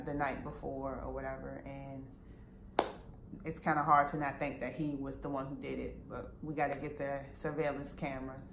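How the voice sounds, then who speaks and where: A woman casually retelling a frustrating personal experience, full of fillers and quoted dialogue. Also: low-pitched. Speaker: vlogger. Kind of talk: personal storytime. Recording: roomy with faint background noise.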